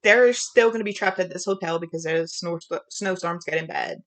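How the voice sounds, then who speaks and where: On a casual book-review podcast, a co-host with a Southern accent giggles her way through a blunt, profanity-laced plot summary of a romance novel. She speaks at a moderate pace in a lowish voice.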